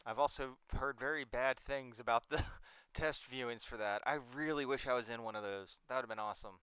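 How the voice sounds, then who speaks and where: A man with a bright, crisp voice chats casually through a watch-along stream. He laughs a lot and keeps trailing off and starting over. The sound is dry and close, a bit dull, like a home setup. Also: mid-range voice, a little fast, dry recording. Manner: chatty, laughs often, trails off and restarts. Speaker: reaction streamer.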